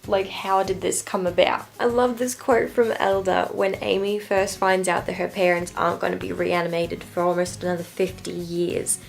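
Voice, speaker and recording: Chatty woman with a gravelly voice. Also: on the low side, little pitch movement, moderate pace, hardly any pauses, soft background music. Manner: chatty and rambling, full of "like" fillers. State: just woken up. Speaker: book vlogger. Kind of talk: casual reading update.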